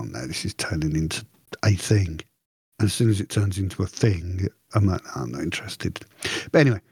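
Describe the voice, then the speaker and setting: A man co-hosting a podcast, chatting in a rambling, animated way with frequent restarts. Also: lowish voice, husky, no echo, studio quality. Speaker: podcast co-host. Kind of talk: casual chat.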